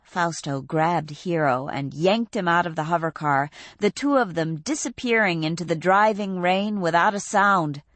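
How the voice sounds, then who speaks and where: A woman narrating an audiobook in a steady, measured reading on a close studio mic. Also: fairly low pitch, no echo. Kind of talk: scripted narration.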